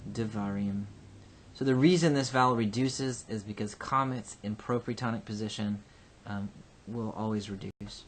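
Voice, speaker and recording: A man teaching a recorded Hebrew grammar lesson. He explains patiently and slowly, with frequent ums and uhs. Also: on the low side, slight background noise. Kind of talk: recorded lecture.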